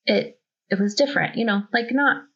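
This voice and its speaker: A woman's voice: on the high side, normal speed, fairly bright tone. A woman guest on a podcast, in her thirties or forties, talking openly and telling stories, with many fillers. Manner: open, storytelling, full of fillers. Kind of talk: casual conversation. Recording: dull lo-fi audio.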